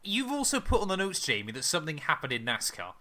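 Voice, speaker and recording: Lively bright-voiced man on a podcast. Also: on the high side, fast. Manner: thinks aloud with many ums, quiz answers. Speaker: podcast co-host. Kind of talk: casual chat.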